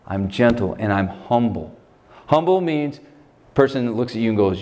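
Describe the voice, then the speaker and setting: A man with an American accent preaching a conversational sermon as pastor, swinging from loud emphatic lines to hushed, quiet quotes. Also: fairly low pitch, moderate pace.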